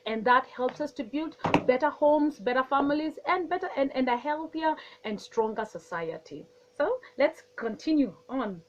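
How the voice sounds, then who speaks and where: Calm woman giving a wellness talk. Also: sits high, fairly quick, lo-fi sound. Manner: calm, earnest, explanatory. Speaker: wellness speaker. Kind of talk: teaching talk on managing emotions.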